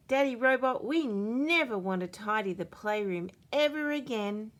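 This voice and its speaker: Woman doing a squeaky bossy little pup. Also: animated, normal speed, slight background noise, close to an everyday voice. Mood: eager. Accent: Australian. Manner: high, loud and eager. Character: bossy excitable little girl puppy.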